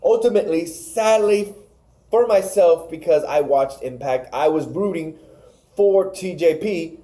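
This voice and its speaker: A man's voice: a little high, measured pace, warm tone. A man co-hosting a podcast, casually recapping wrestling matches, rambling and stumbling over names. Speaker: podcast co-host.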